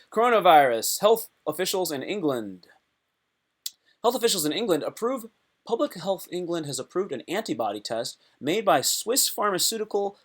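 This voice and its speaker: A man hosting a casual live stream, excitable and rambling, often breaking off mid-thought. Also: on the high side.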